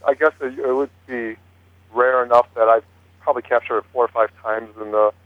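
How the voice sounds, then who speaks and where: A man's voice: medium pitch, fairly even intonation, fairly quick, dry recording. Guy calling in on a tinny dry phone line, rambles with lots of uhs and restarts. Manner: rambling, many fillers and restarts. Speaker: paranormal investigator guest. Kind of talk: casual chat on a phone-in talk show.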